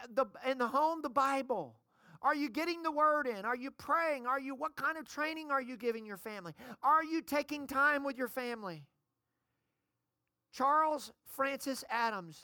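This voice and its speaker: A woman pastor delivers a sermon with a bright, fairly high voice. She preaches with conviction and keeps asking the congregation for amens. The sound is dry and close. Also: no echo.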